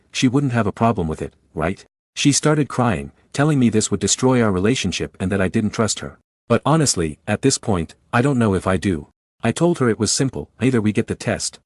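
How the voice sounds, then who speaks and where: A man reading a first-person story aloud in an even, measured way. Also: on the low side, no echo. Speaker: narrator.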